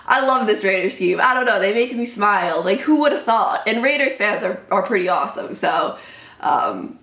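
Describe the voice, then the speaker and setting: A woman's voice: medium pitch, animated, normal speed, a bit bright. A young adult woman giving casual, opinionated sports commentary as a show host, chatty and full of fillers. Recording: roomy echo.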